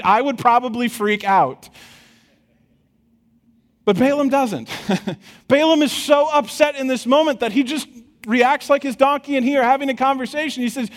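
A man preaching a sermon, retelling a scripture story with an animated, chuckling storytelling manner and addressing the congregation directly. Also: very high voice, a little fast. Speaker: pastor. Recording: long hall reverb.

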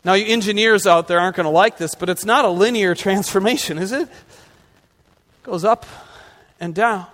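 A man's voice: sits high, moderate pace, long pauses, a bit bright. A man pastor delivering a conversational sermon, asking his congregation rhetorical questions as he goes. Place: church sanctuary. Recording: long reverb of a large hall.

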